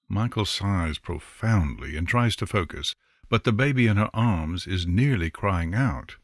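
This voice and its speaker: Slow, lively-voiced male narrator. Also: sits low, no room sound, clean studio sound. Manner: expressive, unhurried storytelling. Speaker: audiobook narrator. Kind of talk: scripted narration.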